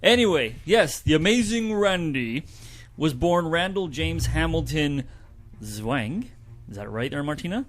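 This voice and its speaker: A man's voice: on the high side, animated, a little slow, fairly bright tone. A man co-hosting a community radio show, reading a report aloud with light asides. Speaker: co-host presenting a report.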